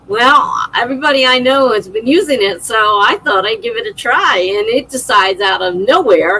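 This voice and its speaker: A woman's voice: on the high side, expressive, moderate pace, hardly any pauses, sharp tone, slight background noise, poor audio. A middle-aged woman hosting a livestream, chatting casually and laughing often as she reads viewer comments aloud. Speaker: livestream host.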